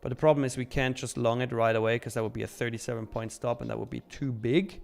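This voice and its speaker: A man's voice: mid-range voice, fairly even intonation, fast, vocal fry. A man hosting a live trading stream, talking casually and joking as he reads out chat messages.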